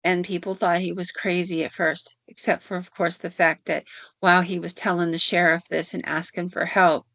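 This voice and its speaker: A woman hosting a podcast who tells folk tales in a folksy, conversational way. Her voice is low and gravelly. The recording sounds dry and a bit dull. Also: level tone, moderate pace, a bit bright, no echo. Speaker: podcast host. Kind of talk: folklore storytelling. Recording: dull lo-fi audio.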